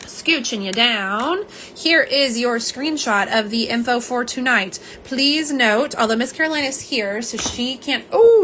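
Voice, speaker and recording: A woman's voice: fairly high pitch, noisy background. A woman chatting casually on a live stream from home, rambling and greeting viewers by name. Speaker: livestream host. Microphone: phone camera.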